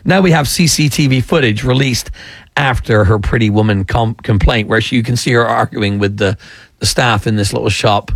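A man's voice: medium pitch, normal speed, gravelly, dry recording. An English man co-hosting a talk show, joking and telling stories in casual chat. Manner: storytelling, joking. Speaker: co-host.

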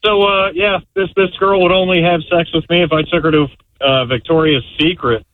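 A man calling into a radio show, delivering a joke deadpan and slowly. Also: a little high, dry recording. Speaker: caller. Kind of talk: phone-in joke. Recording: tinny phone line.

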